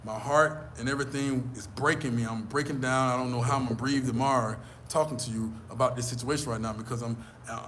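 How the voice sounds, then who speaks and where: A man playing a soft, pleading lovesick boyfriend. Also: mid-range voice, steady tone, quick pace, hardly any pauses, a little hiss or hum, pitched below the performer's own voice, natural voice. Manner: soft, syrupy and begging. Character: pleading, lovesick boyfriend begging his girlfriend.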